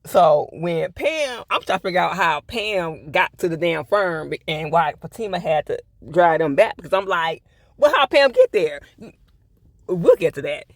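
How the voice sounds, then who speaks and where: A man's voice: fairly high pitch, lively intonation, normal speed, few pauses, dry recording, studio quality. A man giving a casual, blunt TV episode review, swearing freely and repeating his points for emphasis. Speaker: TV show reviewer.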